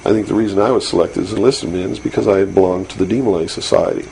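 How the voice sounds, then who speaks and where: A man being interviewed talks fast and insistently, earnest throughout, with lots of fillers and restarts. His voice is low-pitched and darkish with vocal fry. The rough recording has faint hiss from a 1992 interview tape.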